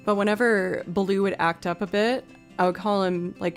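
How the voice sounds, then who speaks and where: A young woman chatting casually on her livestream, full of "like" and filler, now and then slipping into soft baby talk. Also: mid-range voice, steady tone, moderate pace, soft background music. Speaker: livestreaming musician.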